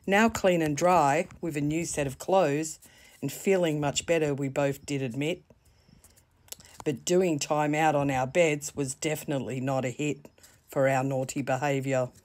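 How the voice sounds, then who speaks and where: A woman with an Australian accent reads a children's bedtime story in a low voice. She takes her time, pausing gently between phrases. Her tone stays soft and deliberate throughout. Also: steady tone. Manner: slow, gentle, deliberate reading.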